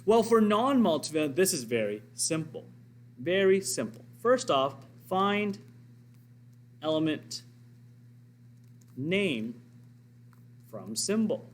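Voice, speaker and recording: A man's voice: a little high, very animated, slow, pauses often, slight background noise. A man teaching a recorded science lesson, explaining step by step and asking and answering his own questions.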